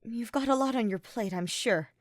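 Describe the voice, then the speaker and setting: A woman reading the lines of an earnest, anxious young male knight, soft and hesitant. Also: fairly high pitch, moderate pace, no echo, clean studio sound, pitched above the performer's own voice, natural voice. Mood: worried.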